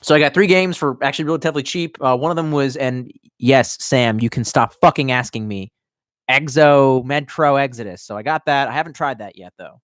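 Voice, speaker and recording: A man's voice: mid-range voice, fairly quick, no echo. A young man in casual live stream talk, rambling and profane, close to a desk mic in a small room at home. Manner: profane, rambling, animated storytelling.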